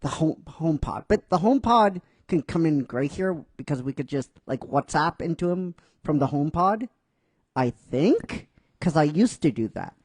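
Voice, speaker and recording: A man's voice: on the high side, animated, normal speed, a little mellow, dry recording. A man casually narrating a fan-written story, chatty and rambling with many fillers.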